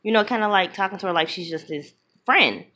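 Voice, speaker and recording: A woman casually retelling a film's plot as a reviewer, blunt and opinionated, slipping into quick voices for the characters. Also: medium pitch. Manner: animated, acts out characters' lines in quick voices. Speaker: movie reviewer.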